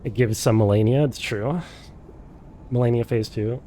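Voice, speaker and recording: Here a streamer offers casual live commentary on his game, trading sarcasm and free swearing with viewers over background game music. He has a warm, mid-range voice at a moderate pace, with slight background noise.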